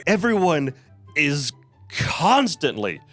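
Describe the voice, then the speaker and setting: Man reviewer, animated and sarcastic, swears freely, slightly high. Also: slow pace, faint music behind. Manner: sarcastic, profane ranting. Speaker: game reviewer. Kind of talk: scripted comedic video-game review.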